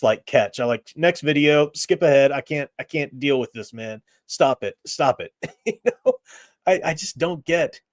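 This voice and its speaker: A man's voice: on the high side, dry recording, clean studio sound. Blunt opinionated middle-aged man. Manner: blunt, opinionated, laughs at his own remarks. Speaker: live stream host. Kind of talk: casual opinionated chat.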